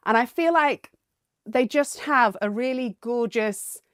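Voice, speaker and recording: A woman talking as a guest on a podcast in a chatty, expressive way, laughing often. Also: on the high side, slow pace, clear, resonant tone, no echo, studio quality. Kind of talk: casual chat.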